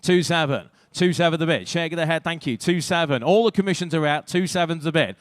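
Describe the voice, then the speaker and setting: A British man working as an auctioneer, calling out bids in a rapid rhythmic patter with dry joking asides. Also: a little high, no room sound. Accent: British English. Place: auction sale room.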